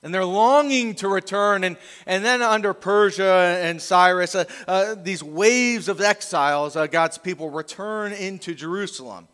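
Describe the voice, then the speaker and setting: Middle-aged male pastor, slightly high voice, conversational sermon delivery, acts out quoted lines. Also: measured pace, few pauses, fairly bright tone, big-room sound.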